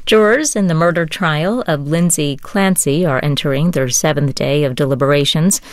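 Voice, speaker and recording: Low-voiced woman reading radio news. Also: dry recording, studio quality. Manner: measured, even newsreader delivery. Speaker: newscaster.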